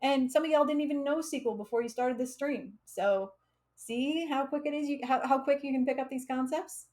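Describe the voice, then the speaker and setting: A woman's voice: high voice, fairly quick, darkish tone. An American woman teaching coding on a live stream, chatty and laughing often, with frequent fillers. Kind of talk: casual live coding lesson.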